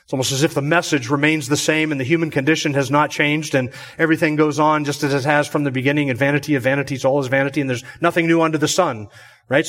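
A man with a somewhat high voice preaches a verse-by-verse sermon. His delivery is measured, and he circles back over phrases to drive them home. He climbs higher on the words he stresses. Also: a bit bright. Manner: measured, repeats phrases for emphasis, rises on key words. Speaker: pastor. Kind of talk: expository sermon.

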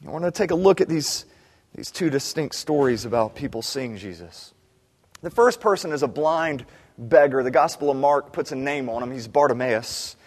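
A man preaching a sermon as pastor, animated, acting out cries of the people he describes. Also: mid-range voice, normal speed, long reverb tail.

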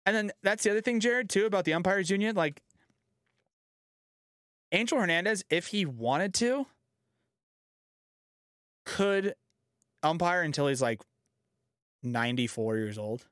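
A man hosting a casual podcast chat, ranting with lots of profanity and lively swings. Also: sits high, measured pace, long pauses, clean tone, dry recording, studio quality. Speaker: podcast host.

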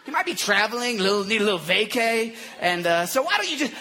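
A man's voice: high voice, very animated, moderate pace, fairly bright tone. A man voicing a cocky male prophet who mocks and taunts his rivals. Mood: mocking. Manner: mocking, taunting.

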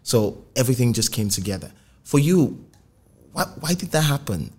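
A man hosting a music podcast, asking short probing follow-up questions in a relaxed interview. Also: medium pitch, moderate pace, husky. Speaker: podcast host, music journalist. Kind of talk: conversational interview.

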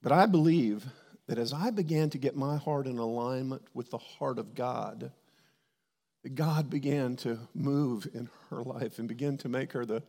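A middle-aged pastor preaching with a gravelly edge in his voice, recounting a candid personal story. His voice rings with long reverb through a church sanctuary, and he rises into sudden loud quoted lines. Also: medium pitch, normal speed. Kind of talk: sermon.

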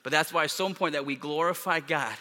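A man preaching a sermon in an earnest way, with emphatic rises and hushed drops. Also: fairly high pitch, fast talker, big-room sound. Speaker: pastor.

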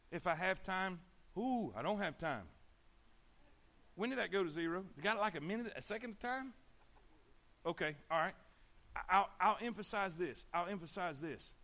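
In a sermon on spreading the gospel, a man speaks emphatically in a high, bright, forceful voice. He repeats himself and invites the congregation to respond.

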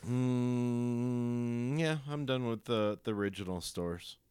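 A man's voice: mid-range voice, steady tone, takes it slowly, a little mellow, clear, resonant tone, no echo, clean studio sound. A man in casual chat about a mobile game, laid-back, with short replies.

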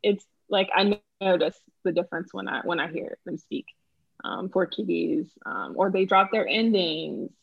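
A woman's voice: on the low side, moderate pace, gravelly, breathy edge, muffled recording. A woman hosting a podcast, chatting casually and laughing easily. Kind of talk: casual chat.

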